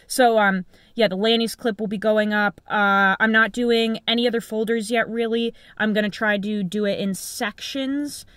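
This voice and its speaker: A woman's voice: mid-range voice, steady tone, normal speed, hardly any pauses, a bit bright, smooth, dry recording. A young adult woman vlogger from the United States chatting casually to camera, blunt and rambling, with frequent filler words and casual swearing. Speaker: knife reviewer and vlogger.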